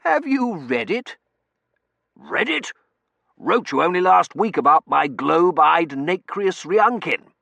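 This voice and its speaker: A blustering old Victorian colonel, played by a man with a gravelly, raised voice. He barks his lines with snorting contempt. The voice carries a rough, gritty texture and a lively swing. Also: high voice, slow, no room sound, voice pushed up, exaggerated voice. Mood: delighted. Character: gruff older Victorian colonel.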